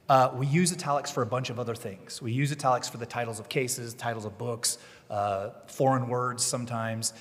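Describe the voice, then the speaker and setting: A man speaking at a conference, giving writing advice in a relaxed, explanatory way with the odd emphatic push. His voice sits at an ordinary middle pitch. The sound carries a long reverb from the hall. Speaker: legal writing presenter. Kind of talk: conference talk. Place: conference room.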